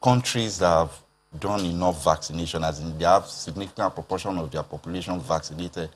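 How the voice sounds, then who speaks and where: Deep-voiced Nigerian man, measured panel talk. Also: a little hiss or hum. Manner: measured, explanatory, with "um" and "uh" hesitations. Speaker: public health expert guest. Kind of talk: TV panel discussion.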